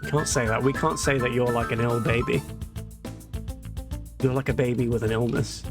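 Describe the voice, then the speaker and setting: A man's voice: mid-range voice, fairly even intonation, moderate pace, pauses often. A man chatting and joking while streaming a video game, reading its text aloud. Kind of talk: casual live-stream gameplay chat. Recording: game music and siren alarm behind.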